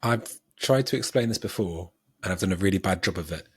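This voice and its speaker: A man's voice: sits low, fairly quick, a little hiss or hum. A man co-hosting a podcast, chatting casually and thinking aloud with plenty of ums, often laughing at himself. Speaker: podcast co-host.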